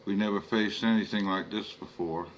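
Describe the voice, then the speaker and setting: A man voicing an old, fatherly monster hunter who speaks gently, in a spoken horror story. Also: fairly low pitch, steady tone, moderate pace, slight background noise, natural voice, poor audio. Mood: grave. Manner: gentle, fatherly, calls others my boy and my dear.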